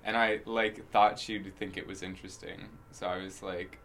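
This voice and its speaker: A young man with a low, gravelly voice talks in a loose, rambling way, filling every phrase with "like". His tone is bright and forward, with faint room ambience behind him on a casual podcast. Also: flat delivery, moderate pace, a little hiss or hum. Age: young adult. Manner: rambling, peppered with "like", bursts into loud laughter. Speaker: co-host. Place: student podcast studio.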